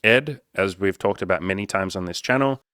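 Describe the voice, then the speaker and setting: Low-voiced, profane man telling a story. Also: brisk, clean tone, no room sound, studio quality. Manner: casual, profane, self-mocking, quotes people in lively voices. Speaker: dating and self-improvement coach. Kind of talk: candid personal storytelling to camera.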